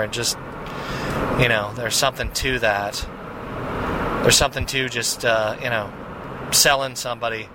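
Rambling man recording with traffic behind. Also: medium pitch. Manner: rambling, many restarts and "right?" tags. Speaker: podcast host. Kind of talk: casual confessional monologue.

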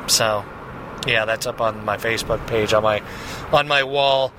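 A man's voice: fairly low pitch, fairly even intonation, a little slow, noisy background. A man hosting a podcast, talking in a casual confessional monologue, rambling with many restarts and "right?" tags. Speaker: podcast host.

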